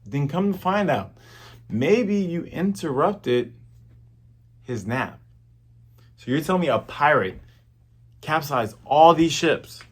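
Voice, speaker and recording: A man recapping a comic chapter in a casual, chatty way, acting out the characters as he goes. His pitch swings widely, keeping the retelling lively. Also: breathy edge. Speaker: manga reviewer.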